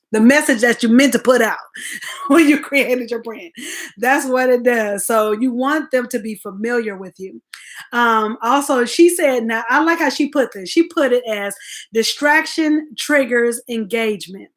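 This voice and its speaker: A woman hosting a casual live-stream talk as a branding coach, energetic and chatty, laughing often and restarting her sentences as she goes. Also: fairly high pitch.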